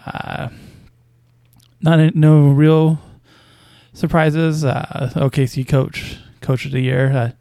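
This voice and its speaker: A man's voice: on the high side, little pitch movement, slow, gravelly, warm tone, dry recording. A man casually commenting on basketball news as a podcast host, with a hesitant, wry delivery full of fillers and small chuckles.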